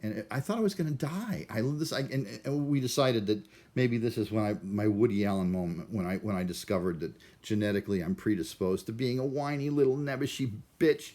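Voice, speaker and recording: Rambling, self-deprecating low-voiced man. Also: expressive, brisk, hardly any pauses, dark tone. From Cleveland, USA. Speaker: vlogger. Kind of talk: rambling monologue vlog.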